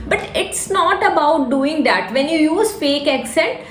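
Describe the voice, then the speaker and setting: A woman's voice: high voice, animated, unhurried, a little hiss or hum. A woman with an Indian English accent, teaching exam tips in a direct, emphatic way that repeats key points. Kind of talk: instructional talk to camera. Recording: echoey room, faint ambience.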